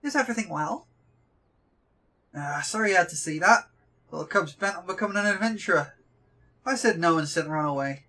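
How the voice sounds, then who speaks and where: An actor with a Yorkshire accent playing a worried middle-aged tavern keeper in a game, plain-spoken and earnest. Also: male voice, high voice, animated, fairly quick, pauses often, bright, forceful tone, heavily acted. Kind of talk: game voice acting.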